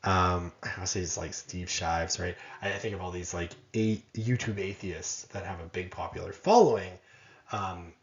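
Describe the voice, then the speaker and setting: A man's voice: low voice, steady tone, moderate pace, reverberant, lo-fi sound. A man giving a conversational college lecture, often checking in with "right?" and making self-deprecating asides.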